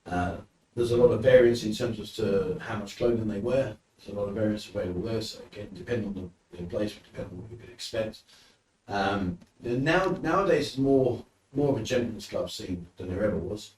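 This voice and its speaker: British man telling stories, low voice. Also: a little fast, recorded from a distance. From United Kingdom. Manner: animated anecdotes with acted quotes. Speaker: podcast guest. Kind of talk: casual storytelling. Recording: roomy, from off mic, faint noise.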